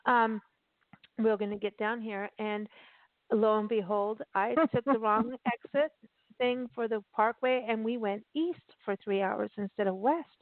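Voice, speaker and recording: A woman radio host chatting casually and telling stories with bubbly, animated energy. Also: fairly high pitch, a little slow, dry recording. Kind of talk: casual chat over a call. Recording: tinny phone-line sound, dry.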